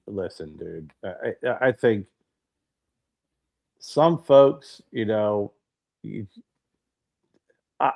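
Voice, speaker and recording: Low-voiced man weighing in. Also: gravelly, a little mellow. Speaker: podcast co-host. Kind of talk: casual chat.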